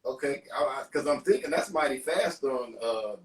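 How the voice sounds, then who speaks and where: A man's voice: mid-range voice, animated, normal speed, far from the mic. A man hosting a podcast, chiming in with short replies and questions, laughing along. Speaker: podcast host. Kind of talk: casual interview. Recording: echoey room, off-mic.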